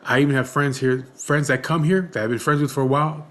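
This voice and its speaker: A man in his forties talks straight to his camera, answering viewer questions in a plain, blunt way. He swears freely and keeps checking in with "you know what I mean". His voice sits at an ordinary middle pitch. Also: steady tone, fast, a bit bright. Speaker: vlogger.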